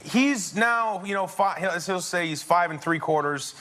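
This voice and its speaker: A man's voice: sits high, expressive, a little slow. A man in his forties, a guest on a talk show, telling an anecdote with frequent laughter in casual chat. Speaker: guest, film actor. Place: television studio with audience. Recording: crowd and studio noise.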